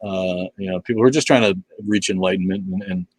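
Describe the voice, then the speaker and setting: Blunt, profane older man, low voice. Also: fast, a little mellow, a little hiss or hum, low-quality recording. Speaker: live stream host. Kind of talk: casual live-stream chat reading viewer comments.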